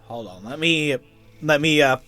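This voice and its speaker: A man reading a webcomic aloud with friends, casual, swearing and making quick asides. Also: on the high side, lively intonation, pushed and bright, soft background music. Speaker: co-host, reader.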